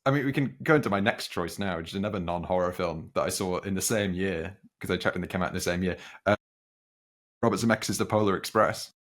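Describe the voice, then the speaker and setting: A man's voice: deep voice, fast talker. A man in his twenties hosting a casual film chat, telling rambling stories and correcting himself. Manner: rambling, self-correcting storyteller. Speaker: film podcast host.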